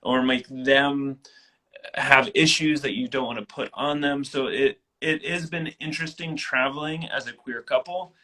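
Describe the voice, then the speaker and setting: Man, 30s, bright clear voice, animated storyteller, casual interview. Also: mid-range voice, unhurried, poor audio. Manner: animated, acts out quoted voices. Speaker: guest.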